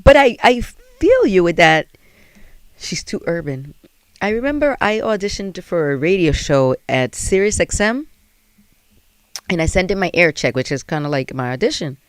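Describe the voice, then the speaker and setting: A woman with a strong New York accent hosts an interview with blunt, expressive talk and plenty of swearing. Her pitch swoops up and down with lively animation. The recording is dry and close. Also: moderate pace, smooth, no room sound. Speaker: podcast host. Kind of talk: casual interview chat.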